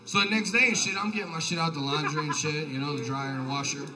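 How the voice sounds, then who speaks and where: A man's voice: a little high, steady tone, fast talker, pushed and bright, far from the mic, poor audio. A young man doing a rambling, profane stand-up set in a comedy bar. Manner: profane, loose, rambling delivery. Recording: live bar set with crowd laughter.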